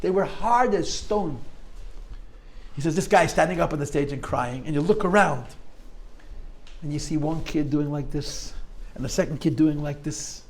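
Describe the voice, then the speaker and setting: High-voiced animated man telling a story. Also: moderate pace, low-quality recording. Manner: animated storyteller, acts out quotes with rising emotion. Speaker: rabbi teaching a class. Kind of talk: storytelling Torah class.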